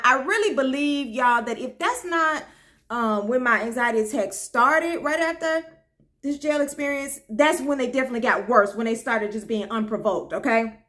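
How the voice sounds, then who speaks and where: A woman from Memphis, telling a funny personal story to her viewers in an animated, folksy way. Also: fairly high pitch, moderate pace. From Memphis, Tennessee. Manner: animated, talks straight to viewers with folksy asides. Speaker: storyteller host.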